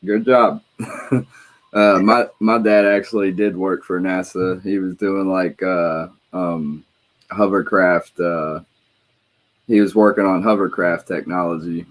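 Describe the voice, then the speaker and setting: Man, very low voice, rambling, swears a lot, laid-back casual talk. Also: steady tone, slow. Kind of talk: casual chat.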